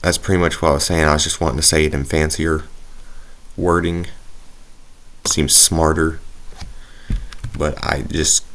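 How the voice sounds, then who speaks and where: This young gaming YouTuber's voice is extremely low, level in tone, and fairly bright, moving unhurriedly with long pauses. He casually commentates his own football video game play, rambling and hesitant, full of fillers and self-deprecating remarks.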